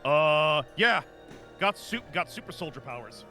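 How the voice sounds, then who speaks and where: A man's voice: on the high side, a little slow, faint music behind. A man chatting casually on a stream while building a model kit, joking and riffing with quips. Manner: jokey, animated, riffing with quips.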